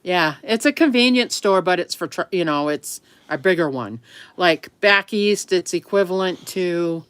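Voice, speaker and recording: Middle-aged woman, casual livestream host, giggly and rambling, slightly low pitch, dry recording. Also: animated, measured pace, a bit bright, clear, resonant tone, no echo. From US East Coast. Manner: chatty, laughs often, rambling with self-corrections.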